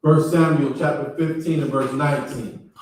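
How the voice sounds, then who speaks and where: A man in a class reading scripture aloud, slowly and carefully, in a formal manner. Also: on the high side, fairly even intonation, a little mellow, a little hiss or hum. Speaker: student reader. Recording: distant voice in a very echoey room.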